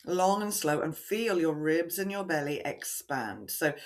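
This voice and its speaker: Measured, resonant woman voice coach. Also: low voice, lively intonation. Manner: demonstrative, deliberately resonant and measured; instructive, guiding breathing exercises. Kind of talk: podcast interview, explaining techniques.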